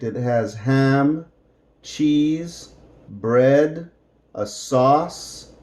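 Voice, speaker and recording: A middle-aged man teaching English slowly to Spanish speakers, repeating each word and adding Spanish glosses. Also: medium pitch, warm tone.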